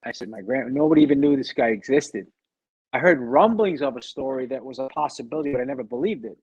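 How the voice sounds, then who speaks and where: A middle-aged man telling a personal story as an interview guest, animated, acting out the people he quotes and often restarting his sentences. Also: medium pitch, fast talker, husky, no echo, muffled recording. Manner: animated, acts out quoted dialogue, frequent restarts.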